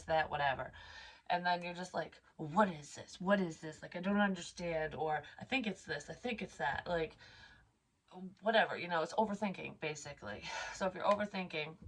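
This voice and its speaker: A woman with a somewhat low voice gives a casual psychic card reading to her viewers. She rambles and thinks aloud, with plenty of fillers. She sounds like someone in her thirties or forties. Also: fairly bright tone. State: tearful at times.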